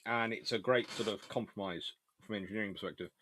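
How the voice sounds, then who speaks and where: A man's voice: on the low side, steady tone, fast talker, sharp tone, a little hiss or hum. A man hosting a casual live question-and-answer session on naval history. He reads viewer questions aloud and answers them offhand while eating between remarks.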